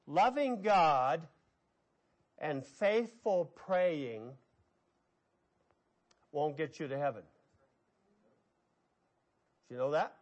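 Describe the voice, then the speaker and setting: Guy preaching a sermon, kinda high voice, emphatic, repeats his points a lot. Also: poor audio. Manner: emphatic, repeating key phrases with rising and falling intensity.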